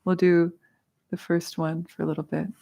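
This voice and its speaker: A woman's voice: fairly low pitch, flat delivery, moderate pace, gravelly, warm tone. A middle-aged woman leading a mantra class, explaining with casual humor and easy laughter. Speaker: meditation teacher. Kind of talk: guided mantra teaching. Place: studio.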